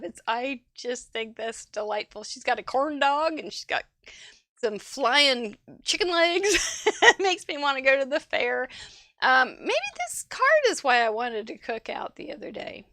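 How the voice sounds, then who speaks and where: A woman's voice: high voice, pushed and bright, dry recording, clean studio sound. A woman hosting a live crafting show, chatting effusively and rambling as she shows off viewers' cards, laughing often. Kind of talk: live-stream casual chat, showing viewer cards.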